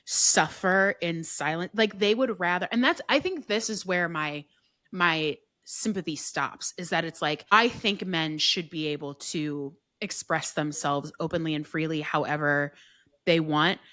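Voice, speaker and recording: A woman's voice: deep voice, measured pace, bright, forceful tone, dry recording. A woman speaking as a guest on a dating podcast, emphatic and peppered with "like" fillers. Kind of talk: casual podcast chat.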